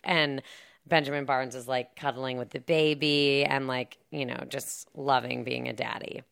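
A woman's voice: rumbling low, fairly even intonation, measured pace, creaky, fairly bright tone, clean tone. A woman casually recapping a film plot in a chatty, sarcastic way, full of fillers and asides. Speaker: podcast co-host recapping a film. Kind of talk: casual chat.

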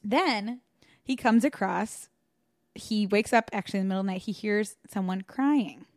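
A woman's voice: medium pitch, moderate pace, no room sound. Young woman, podcast co-host, casual movie recap, giggly, rambling, dry close sound. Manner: giggly, rambling, many fillers and quoted voices. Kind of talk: casual comedic recap chat.

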